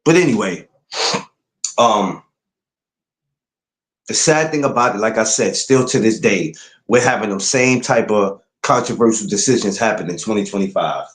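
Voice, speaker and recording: A man's voice: on the low side, moderate pace, pauses often, reverberant. A man hosting a podcast, talking boxing in a casual, emphatic way. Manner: animated, emphatic, rising to incredulous outbursts. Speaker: podcast host.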